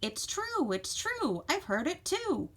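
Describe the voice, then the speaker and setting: A woman doing a chirpy high little chickadee. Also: sing-song, slow pace, a bit bright, exaggerated voice. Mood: excited. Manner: chattering, repeats itself.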